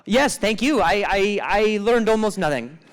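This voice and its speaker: A man doing stand-up crowd work on a club stage into a handheld mic, with a stutter, quick self-deprecating quips and low muttered asides. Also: animated, a little hiss or hum. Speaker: stand-up comedian.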